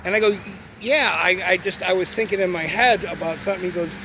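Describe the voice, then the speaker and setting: A man's voice: sits high, fast. Profane, rambling man outdoors by traffic. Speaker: vlogger telling his story. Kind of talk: casual storytelling. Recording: noisy outdoor street sound.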